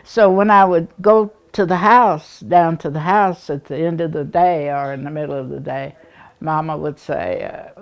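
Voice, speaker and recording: An older woman from East Tennessee with an Appalachian accent, interviewed for an oral history, rambles through her childhood memories, chuckling and acting out the people she describes. Her voice is low and steady, her pace moderate, and the recording is muffled.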